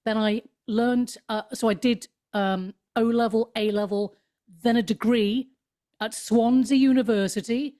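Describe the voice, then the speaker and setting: Animated woman telling stories. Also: a little high, a little slow. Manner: animated storyteller, swoops up into mock voices; rambling with many restarts. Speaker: author and comedian guest. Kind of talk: casual interview chat.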